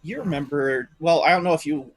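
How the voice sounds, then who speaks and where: A man co-hosts a gaming livestream in a casual chat. He rambles along, with many fillers. His speaking voice sits fairly high. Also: a little fast, a crowd in the background. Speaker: co-host.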